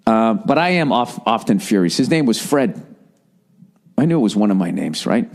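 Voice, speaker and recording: A man's voice: on the low side, sing-song, normal speed, a little mellow. A man hosting a podcast alone, ranting in a rambling, sardonic way and swearing often. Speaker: podcast host. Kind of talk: solo podcast rant.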